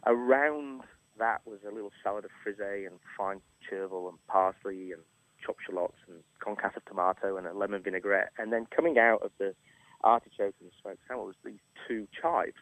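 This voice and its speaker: Speaking briskly in a lowish, fairly bright voice, a middle-aged chef from England guests on a radio show, telling a casual story, voicing quotes and laughing a lot. It's recorded on a studio mic in a radio studio, with no room sound but low quality.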